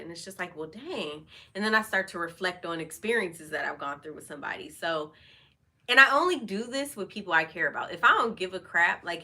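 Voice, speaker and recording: A woman's voice: lowish voice, sharp tone. A woman hosting her own vlog, talking candidly and casually about feelings, with lots of fillers. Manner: candid and chatty, many fillers. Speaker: vlog host. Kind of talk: casual personal talk over wine.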